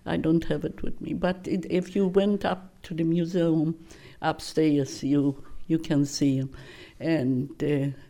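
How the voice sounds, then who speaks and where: An older woman speaks slowly in a gravelly, mellow voice. She answers in an oral history interview, haltingly, often breaking off and restarting her sentences as she looks for the right word. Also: deep voice, level tone. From Poland. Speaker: guest recounting her life.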